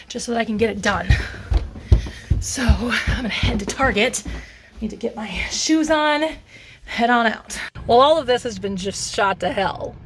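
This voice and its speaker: A woman's voice: fairly high pitch, background noise. A young adult woman vlogging casually, talking to herself about her errands in a frazzled way. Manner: frazzled, talks to herself, vents. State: frustrated. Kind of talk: casual vlog chat.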